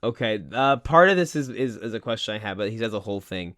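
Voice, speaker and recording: A man co-hosting a podcast in casual chat, quick and laughing often, swearing freely. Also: fairly low pitch, animated, fairly bright tone, no echo, studio quality. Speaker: podcast co-host.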